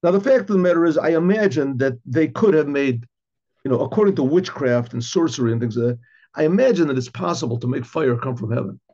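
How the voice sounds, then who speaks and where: A middle-aged rabbi leads an informal class, explaining a text with rhetorical questions. His slightly high, husky, mellow voice has lively intonation, and he doubles back on phrases and pauses to clear his throat. The recording is dull and lo-fi.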